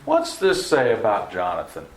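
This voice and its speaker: A man's voice: on the low side, wildly swooping pitch, normal speed, slight background noise. A man teaching an adult Bible class in a classroom, talking casually and asking the class questions. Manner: conversational, asks the class questions. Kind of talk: leading an adult Bible study.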